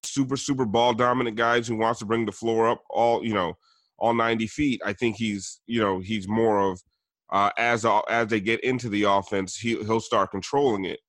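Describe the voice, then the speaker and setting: A man co-hosting a sports podcast, talking hesitantly and pausing often with ums and uhs. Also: lowish voice, steady tone, fairly bright tone, no echo, clean studio sound. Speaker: podcast co-host. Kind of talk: casual sports chat.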